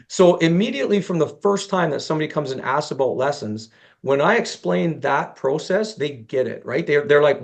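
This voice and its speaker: A male golf instructor speaks in a slightly high voice with a gravelly edge. His talk is loose and conversational. He tells a self-deprecating story, plays out both sides of the dialogue, and often stumbles into restarts. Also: expressive, moderate pace. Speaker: golf instructor presenting to fellow teachers. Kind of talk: conversational presentation with an extended story.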